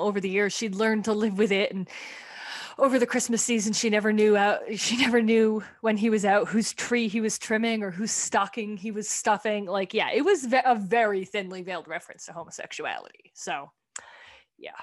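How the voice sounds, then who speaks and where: A woman's voice: mid-range voice, moderate pace. A woman co-hosting a casual chat, talking candidly, swearing bluntly when annoyed and acting out quoted lines. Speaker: podcast co-host. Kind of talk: casual chat reviewing a comedy show.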